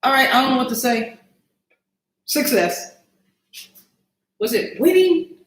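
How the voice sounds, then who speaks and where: A woman's voice: high voice, lively intonation, takes it slowly, reverberant, poor audio. A woman hosting a casual cooking livestream, chatting to viewers as y'all and thinking aloud as she cooks in her home kitchen.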